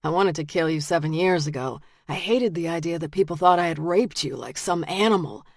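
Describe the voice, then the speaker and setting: A woman reading the lines of a calm, menacing male detective who turns out to be a killer, in a quiet, flat voice. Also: lowish voice, brisk, dry recording, clean studio sound. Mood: cold menace.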